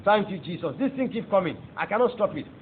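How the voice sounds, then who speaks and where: Over tinny, phone-like audio with slight background noise, a man with a Nigerian accent preaches a testimony sermon. His voice is high and lively, his pace fast, and his fervent, emphatic delivery swells into exclamations.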